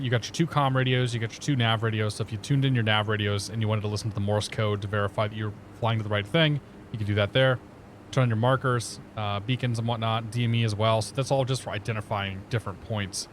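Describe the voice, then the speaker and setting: A man's voice: fairly low pitch, fairly even intonation, fast, slight background noise. A man streaming a flight simulator in casual chat, joking at himself and laughing easily while he explains cockpit controls. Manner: chatty, laughing, self-joking.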